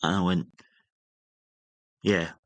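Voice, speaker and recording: A man's voice: low-pitched, takes it slowly, no echo. A young man casually retelling a family story, acting out what each relative said. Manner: animated retelling, acting out family members' lines. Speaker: guest.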